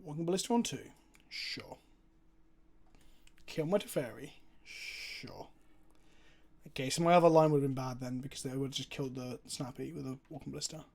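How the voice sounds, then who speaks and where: A man's voice: mid-range voice, steady tone, normal speed, gravelly, pauses often, darkish tone. A man streaming a card game, commentating his plays casually, chatty and thinking aloud, with frequent swearing.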